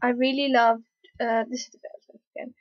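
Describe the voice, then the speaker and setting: A woman talking casually in a review vlog, rambling and hesitant with lots of fillers, an excitable fan. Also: a little high, fast talker, no room sound. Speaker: TV episode reviewer. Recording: dull lo-fi, dry recording.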